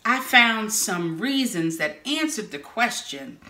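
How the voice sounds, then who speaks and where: A woman delivers a sermon at an unhurried pace, telling stories with lively bursts of shouting. Her voice is bright and forceful, and it rings in an echoey room. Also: mid-range voice. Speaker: preacher. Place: church sanctuary or hall.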